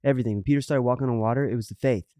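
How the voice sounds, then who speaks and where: A middle-aged man tells a story on a podcast at a brisk clip, earnest and animated, acting out what people said. His voice sits at a middle pitch. It is recorded dry, with no room sound. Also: no echo. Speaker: podcast co-host. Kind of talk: casual storytelling chat.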